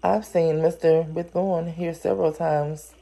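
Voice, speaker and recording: A woman reading the lines of a condescending young restaurant hostess in a storybook reading, in a low, gravelly voice. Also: steady tone, measured pace, dark tone, heavily acted, rough recording. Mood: snooty. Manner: haughty, looking down on the listener.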